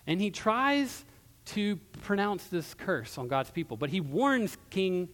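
A male pastor preaching a sermon in a church, retelling a story in a conversational way with a quiet close. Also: sits high, big pitch swings, slow. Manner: conversational storytelling, dropping softer at ends of phrases. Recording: long hall reverb.

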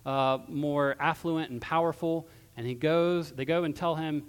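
A male pastor preaching a sermon in a church, retelling a story in a conversational way with a quiet close. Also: a little high, steady tone, a little slow, hardly any pauses, clear, resonant tone. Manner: conversational storytelling, dropping softer at ends of phrases. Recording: long hall reverb.

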